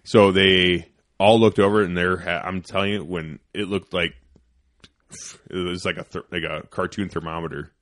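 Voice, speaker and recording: A man hosting a podcast, telling a hunting story in casual chat, profane and animated, dropping into whispers for quoted lines. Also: low-pitched, normal speed, dry recording, clean studio sound. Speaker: podcast host.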